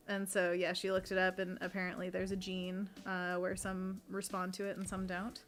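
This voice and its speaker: A woman's voice: on the low side, completely flat delivery, normal speed, hardly any pauses. A young woman co-hosting a painting livestream, chatting casually and playfully with frequent giggles. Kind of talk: casual chat while painting. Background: faint music.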